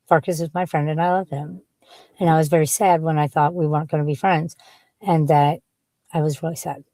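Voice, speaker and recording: A woman's voice: low voice, steady tone, a little fast, dark tone, dry recording. A woman chatting casually from inside her car, rambling bluntly and swearing freely. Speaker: vlogger. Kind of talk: casual chat.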